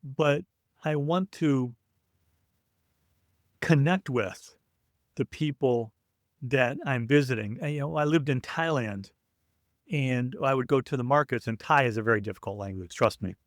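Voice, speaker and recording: A man who is a podcast guest, telling relaxed, anecdotal stories in an interview conversation. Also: medium pitch, measured pace, long pauses, dry recording, studio quality. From United States.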